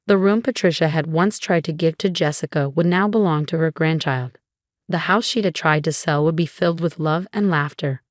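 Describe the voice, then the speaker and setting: A woman narrating a first-person family story in a steady, even manner. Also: sits low, normal speed, no room sound, clean studio sound.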